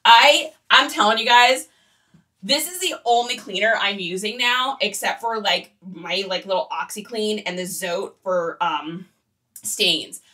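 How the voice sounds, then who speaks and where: A woman's voice: mid-range voice, a little slow, sharp tone, far from the mic. A woman who resells online, chatting casually and rambling while she photographs shoes. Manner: chatty and rambling, with fillers and laughs.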